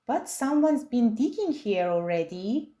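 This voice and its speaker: A woman's voice: on the high side, very animated, measured pace, dark tone. A woman voicing a bossy male pirate chief in a read-aloud storybook.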